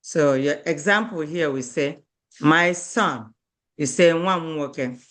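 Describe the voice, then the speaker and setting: A woman's voice: low-pitched, takes it slowly. A woman teaching a beginner language lesson, repeating each word and checking in with "okay?".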